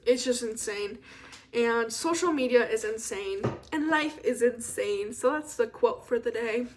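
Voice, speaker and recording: A young woman in her twenties chats through a casual solo podcast rant. Her voice sits a little high, and she rambles in a self-deprecating way, laughing often and trailing off mid-thought. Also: a little slow. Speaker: podcast host.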